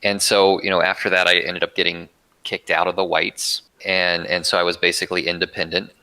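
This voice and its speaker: A man as a podcast guest, telling a personal story in an earnest, reflective way with halting restarts. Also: low-pitched, little pitch movement, bright, forceful tone, smooth, low-quality recording.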